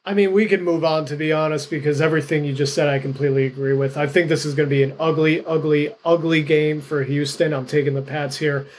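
A man's voice: on the high side, steady tone, fast, hardly any pauses, slight background noise. A man co-hosting a casual sports betting podcast, talking in a chatty, rambling way full of "like" and "you know.". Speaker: podcast co-host picking games.

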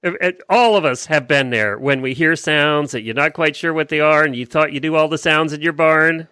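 A man co-hosting a podcast, telling a story in a chatty way with quick restarts and easy chuckles. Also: on the high side, sharp tone, smooth, no echo. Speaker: podcast co-host. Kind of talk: casual chat and anecdote.

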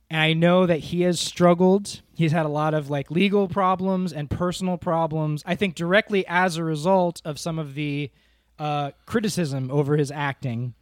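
High-voiced man chatting excitedly about a movie. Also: no echo, clean studio sound. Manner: animated, laughing, swears, jumps between tangents. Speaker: podcast co-host. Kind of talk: casual film-review chat.

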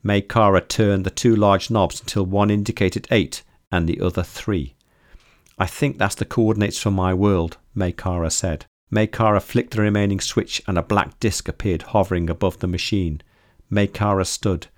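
A man reading a story aloud in steady, measured scripted narration. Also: sits low, no echo, studio quality. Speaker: audiobook narrator.

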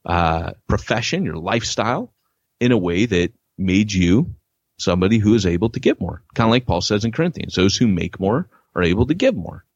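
Lively, husky-voiced male podcast host. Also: a little fast, dry recording. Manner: animated storyteller, acts out quotes with big pitch jumps. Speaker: podcast co-host, church planting author. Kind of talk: casual podcast conversation. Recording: dull lo-fi dry podcast audio.

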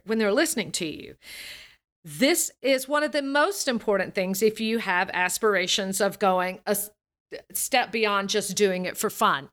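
A woman's voice: medium pitch, fairly bright tone. A woman who coaches singers and speakers, talking animatedly in an interview and laughing often. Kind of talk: casual interview talk.

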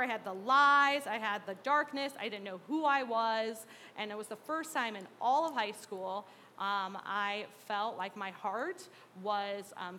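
A woman sharing a personal faith testimony in an earnest, halting way with many fillers. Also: mid-range voice, pushed and bright, a little hiss or hum. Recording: long reverb.

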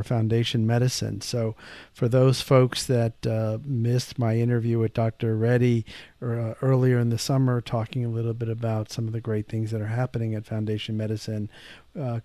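A man's voice: medium pitch, dark tone, no room sound. A man hosting a podcast interview, asking friendly, rambling questions full of fillers. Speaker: podcast host.

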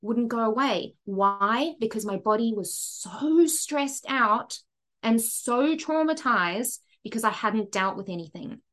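A woman's voice: a little high, takes it slowly. Frank woman telling her story. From Zimbabwe. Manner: frank and lively, with frequent asides and "right?". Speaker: podcast guest. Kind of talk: candid personal storytelling.

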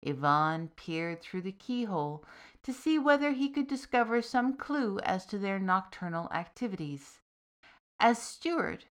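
A woman storyteller reads a fairy tale at an unhurried, deliberate pace. Her voice sits in a middle pitch, and her delivery is measured and expressive. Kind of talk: scripted fairy-tale narration.

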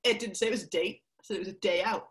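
A woman's voice: medium pitch, rapid-fire. Playful, teasing woman comedian. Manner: playful, teasing, laughs often. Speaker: comedian guest. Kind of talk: casual chat.

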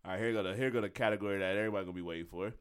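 A man's voice: on the low side, fairly even intonation, racing, smooth, no room sound, clean studio sound. A man co-hosting a casual podcast, playfully reading out lists and laughing often. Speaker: podcast co-host.

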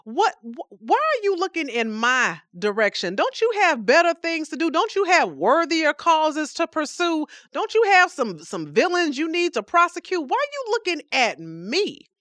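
A woman's voice: sits high, sing-song, moderate pace, few pauses, a bit bright, dry recording, studio quality, voice pushed up. A woman voicing an anguished, angry man who pleads with God in an exasperated, pleading way.

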